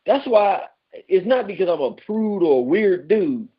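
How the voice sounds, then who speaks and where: An animated male radio host with a lively voice that leaps up in pitch when he gets worked up. He talks to callers in a loose, conversational way. The sound is dull and lo-fi. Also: a little slow, husky. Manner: animated, jumps high in pitch when excited. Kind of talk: call-in radio talk.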